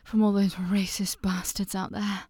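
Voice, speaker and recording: A woman's voice: high voice, steady tone, takes it slowly, darkish tone, slightly rough, dry recording, full character voice. A woman voicing a devoted, possessive non-human young woman lover in an adult audio role-play, breathless and pleading. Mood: whispered, tender.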